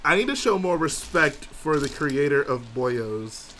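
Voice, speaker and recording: On a casual live stream, a man reads out viewer comments and responds, chatting as he goes. His fairly high voice swings widely in pitch and sounds pushed and bright, unhurried in pace, with slight hiss or hum in the background.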